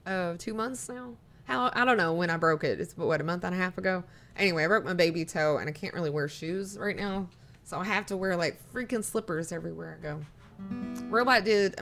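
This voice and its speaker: A woman live streaming, chatting casually and rambling, reading viewer messages aloud as she talks. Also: fairly low pitch.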